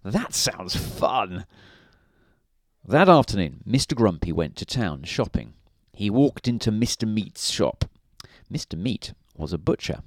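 A man's voice: fairly low pitch, big pitch swings, moderate pace, dry recording, studio quality. A man reading a children's story aloud in a playful way, now and then asking the listener questions.

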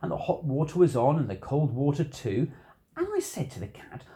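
A reader narrating a children's rhyming picture book aloud, expressive and rhythmic. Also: medium pitch, normal speed. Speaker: storybook reader.

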